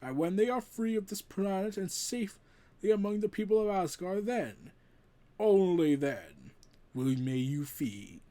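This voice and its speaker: A man's voice: high-pitched, lively intonation, a little slow, dark tone. A man voicing a proud male thunder god king who makes grand, archaic declarations, read from a comic. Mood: defiant.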